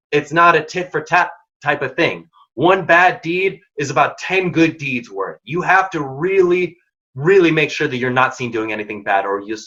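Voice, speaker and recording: A man's voice: on the high side, sharp tone, highs cut off. A man giving direct, emphatic career advice in a workshop talk. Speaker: workshop speaker.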